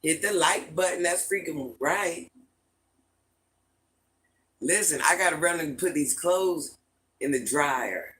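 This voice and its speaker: A woman's voice: low-pitched, slow pace, long pauses, fairly bright tone, low-quality recording. An older woman hosting a casual livestream from home, chatting with viewers and greeting them with pet names. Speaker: livestream host.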